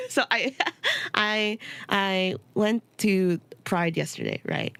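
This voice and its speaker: A woman's voice: mid-range voice, takes it slowly, clean tone. A young woman streaming a game, chatting casually and telling stories with lots of giggles. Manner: giggly, animated storytelling with frequent laughter. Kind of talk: casual chat while gaming.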